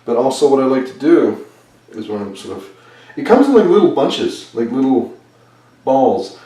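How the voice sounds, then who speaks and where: His mid-range voice swings widely in pitch at a moderate pace, with a warm tone. Filming a baking video in his home kitchen, he chats, rambles, and makes self-deprecating jokes while he works, recorded on a far-off camera mic in an echoey room.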